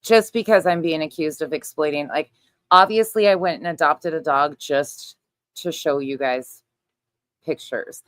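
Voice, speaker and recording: A woman's voice: sits low, unhurried, no echo. A middle-aged woman hosting a casual livestream chat, talking loosely, laughing often and swearing freely. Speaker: livestream host.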